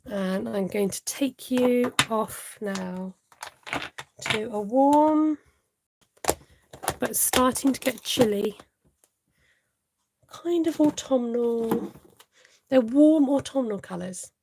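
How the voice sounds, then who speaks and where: Chatty woman with a gravelly, creaky voice. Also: on the high side, slow, pauses often, background noise. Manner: chatty, reads out viewer comments, laughs often. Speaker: card-making tutorial host. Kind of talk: live crafting tutorial, chatting with viewers.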